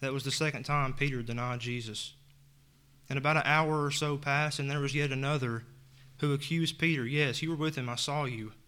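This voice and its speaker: A man's voice: mid-range voice, fairly even intonation, a little fast, sharp tone, smooth. A man preaching a sermon in an earnest tone, reading scripture aloud and retelling it in plain words.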